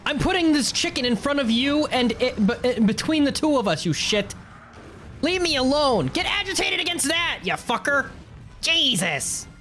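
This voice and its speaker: A woman streaming gameplay with live commentary, swearing and yelling at the monsters on screen, swinging from low mutters to shrieks. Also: sing-song, moderate pace, soft background music. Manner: swears a lot, yells at monsters.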